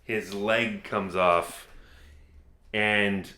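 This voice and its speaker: Lowish-voiced man running a tabletop game. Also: steady tone, bright, forceful tone. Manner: chatty, laughs easily, slows down for dramatic narration. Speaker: game master. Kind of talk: narrating a tabletop game session.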